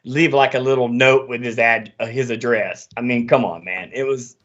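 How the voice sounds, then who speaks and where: A man's voice: mid-range voice, steady tone, moderate pace, fairly bright tone. A man hosting a podcast in casual conversation, talking emphatically with a lot of profanity. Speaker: podcast host. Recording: dull lo-fi audio.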